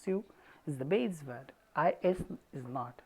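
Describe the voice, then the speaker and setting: A woman's voice: sits low, lively intonation, a little slow, warm tone, husky. A woman explaining an English textbook exercise step by step, with frequent "see" and "so". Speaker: college English teacher.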